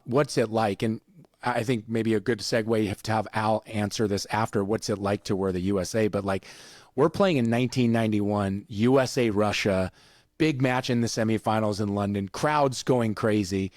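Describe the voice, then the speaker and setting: A man's voice: fairly low pitch, fairly even intonation, normal speed, darkish tone, dry recording, clean studio sound. A middle-aged man hosting a podcast, enthusiastic and chatty, often jumping in during casual conversation. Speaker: podcast host. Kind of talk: casual chat.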